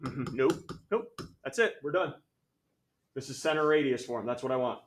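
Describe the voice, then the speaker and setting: Energetic man teaching math class. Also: mid-range voice, moderate pace. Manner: energetic, jokey, calls on students by name. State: out of breath. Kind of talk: classroom lecture.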